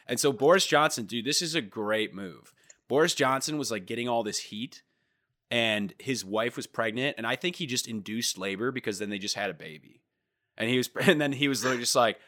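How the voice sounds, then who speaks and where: A man co-hosting a casual podcast chat, telling stories in an animated, swearing way. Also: mid-range voice, fairly quick.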